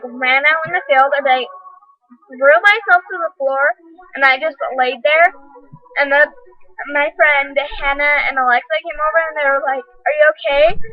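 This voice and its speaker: A woman's voice: high voice, no room sound, lo-fi sound. A teenage girl rambling through a school drama story in a casual vlog, full of "like" and "um". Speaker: vlogger.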